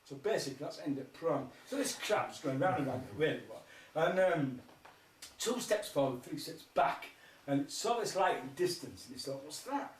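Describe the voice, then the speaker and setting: A man's voice: fairly high pitch, animated, normal speed, recorded from a distance. A man telling rambling, sweary stand-up jokes and laughing along with them. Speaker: comedian. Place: live music festival stage. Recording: roomy hall, mic from afar, faint noise.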